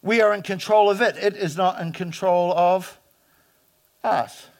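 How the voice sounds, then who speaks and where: A high-pitched man in his fifties preaches with emphatic energy. He acts out the voices of the people in his stories and swings from loud declarations to hushed asides. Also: fairly even intonation, a little slow, gravelly. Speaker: pastor. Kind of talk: sermon.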